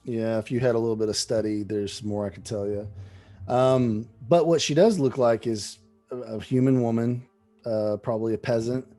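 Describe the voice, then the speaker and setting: A man's voice: mid-range voice, normal speed, mellow, soft background music. A man running a tabletop game as dungeon master over an online call, narrating casually with many hesitations and fillers. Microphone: online call microphone.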